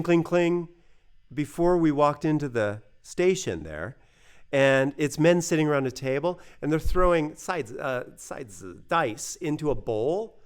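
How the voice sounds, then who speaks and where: Animated American man telling a story. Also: mid-range voice, clear, resonant tone. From United States. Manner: animated, acts out quoted voices, many fillers. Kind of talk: casual spoken storytelling.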